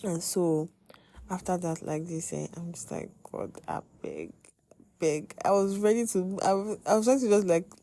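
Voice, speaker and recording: A young woman hosting a podcast, telling a personal faith testimony in an expressive way, with sudden exclamations. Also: fairly low pitch, moderate pace. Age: young adult. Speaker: podcast host.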